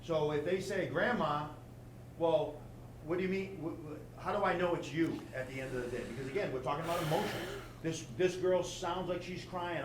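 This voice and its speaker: A man's voice: a little high, a little fast, far from the mic. A man giving practical advice at a community talk on scams, acting out a fake phone call along the way. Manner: direct and practical, acts out scam calls. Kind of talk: informal safety advice talk. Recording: roomy sound from away from the mic, faint background noise.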